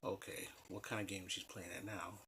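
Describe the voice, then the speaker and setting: A man's voice: low-pitched, level tone, moderate pace, bright, forceful tone, a little hiss or hum. A man telling a personal story in a casual, rambling way, full of "you know" fillers and blunt, profane asides. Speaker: vlogger.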